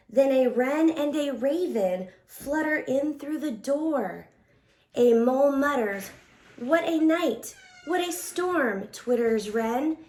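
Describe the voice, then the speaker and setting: A high-voiced woman librarian reading a picture book aloud to children at an unhurried pace. She reads expressively and playfully. Her voice carries a roomy echo. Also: dark tone. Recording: echoey room.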